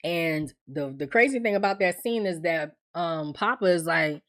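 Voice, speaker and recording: A woman's voice: lowish voice, expressive, normal speed, fairly bright tone. Chatty woman recapping a TV episode. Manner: chatty storytelling, slangy, acts out quotes. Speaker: TV show reviewer. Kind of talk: casual recap monologue.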